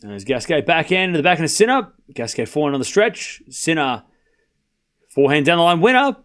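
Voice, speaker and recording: A man's voice: fairly high pitch, big pitch swings, fairly quick, a bit bright. A man streaming a live tennis watchalong, mixing casual play-by-play with teasing replies to his chat. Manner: chatty, teasing, talks straight to his chat.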